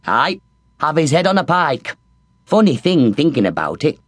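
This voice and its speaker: A man doing a gruff, quick-tempered head cook. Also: low voice, very animated, no room sound, voice pushed up. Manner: blunt, threatening.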